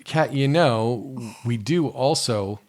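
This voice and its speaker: A man's voice: mid-range voice, slow, a little mellow. A man co-hosting a podcast in casual chat, wry and joking, often breaking into laughter while reading a listener email aloud. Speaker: podcast co-host.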